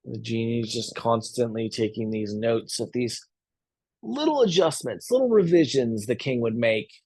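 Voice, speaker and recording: A man teaching a yoga class, telling a story in a calm, unhurried way between posture cues. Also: medium pitch.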